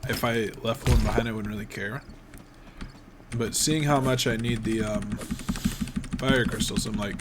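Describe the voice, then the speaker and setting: A man giving relaxed, rambling gameplay commentary, chatting with asides as he plays. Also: lowish voice, moderate pace, pauses often, background noise. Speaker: gaming channel host. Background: game music.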